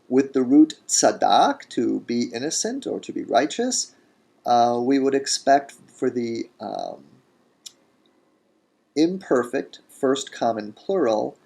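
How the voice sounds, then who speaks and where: A man teaching a grammar lesson in a recorded lecture, deliberate, saying each word form slowly and repeating it. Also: mid-range voice, vocal fry, mellow. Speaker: language teacher.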